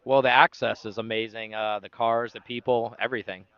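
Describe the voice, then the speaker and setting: Young guy chatting to a reporter at a race, smooth voice, dry dull sound. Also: mid-range voice, level tone, brisk, no room sound. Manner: easygoing, with fillers. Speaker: event attendee. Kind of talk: casual interview answers. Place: outdoors at a racetrack campsite.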